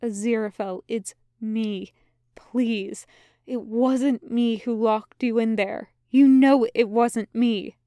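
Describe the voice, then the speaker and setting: Scared demon guy begging, stammery and earnest, woman voicing him, bit high. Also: steady tone, takes it slowly, dark tone, no echo. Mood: pleading. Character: frightened pleading male demon.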